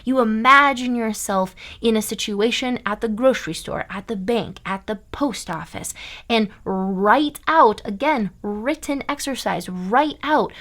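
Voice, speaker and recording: A young American woman from Iowa teaching a German lesson online, emphatic and often checking in with "okay?" and "right?". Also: mid-range voice. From United States (Iowa).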